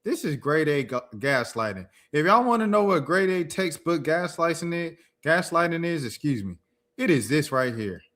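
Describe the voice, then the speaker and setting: A man's voice: a little high, big pitch swings, normal speed, fairly bright tone. Slangy man reacting to news clips. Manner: indignant, slangy and talkative. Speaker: host. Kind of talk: casual news reaction commentary.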